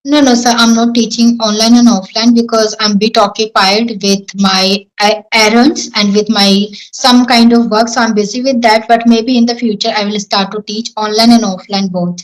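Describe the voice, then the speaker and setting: A woman's voice: a little high, steady tone, normal speed, few pauses, rough recording. A woman with an Indian accent answering questions in casual English practice, earnest and self-assured. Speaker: English-learning YouTuber.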